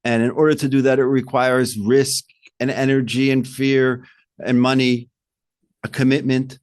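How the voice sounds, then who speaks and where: A rabbi giving a Torah talk, asking rhetorical questions and weaving in Hebrew terms, swinging between soft and loud emphasis. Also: male voice, mid-range voice, flat delivery, measured pace.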